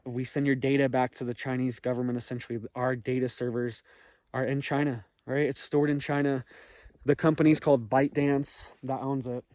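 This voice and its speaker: Hoarse man, dry close mic. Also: mid-range voice, darkish tone, no room sound. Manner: rambling, emphatic, frequent "okay?" and "all right?" check-ins. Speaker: commentary channel host. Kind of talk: casual spoken commentary to viewers.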